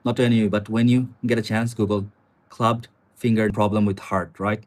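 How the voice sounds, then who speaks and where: A man's voice: fairly low pitch, level tone, brisk. A young man, chatting casually with viewers on a live stream from his small apartment. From China. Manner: chatty, addresses viewers as guys, answers chat comments. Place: small studio apartment with river view.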